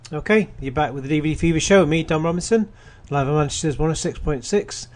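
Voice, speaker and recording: A man with a slightly high, darkish voice talks at a quick pace while hosting a radio movie show. He reads plot summaries, drops wry remarks, and keeps restarting lines.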